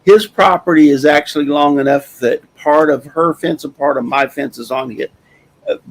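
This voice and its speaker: An older man in his sixties with a gravelly, creaky voice that sits at an ordinary pitch. He hosts a casual talk show and tells a rambling, folksy story in a plainspoken way. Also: poor audio. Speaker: host.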